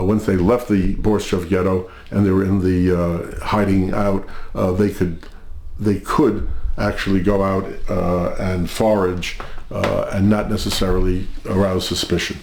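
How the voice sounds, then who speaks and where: An older man recounting family history as an interview guest, speaking in a halting, measured way with many pauses and fillers. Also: low voice, little pitch movement, creaky, darkish tone, reverberant.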